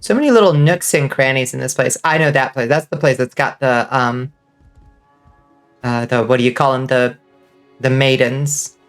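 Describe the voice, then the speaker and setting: Woman streamer, casual and chatty, from the US South, quick to laugh, game music behind. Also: very deep voice. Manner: chatty, swears freely, laughs often. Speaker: vtuber streamer. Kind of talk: casual gaming stream chat.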